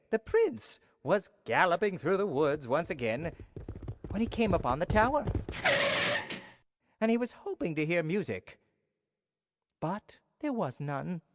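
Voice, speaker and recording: A storyteller reading a bedtime story to children, playful and speaking straight to the listeners. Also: mid-range voice. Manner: playful, addresses listeners directly. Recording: long hall reverb.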